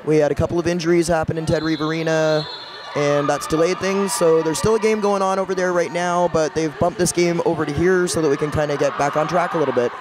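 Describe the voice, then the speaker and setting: A man's voice: a little high, fairly even intonation, fast, background noise. A man serving as head announcer, giving game updates in a dry, matter-of-fact way. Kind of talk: live sports commentary.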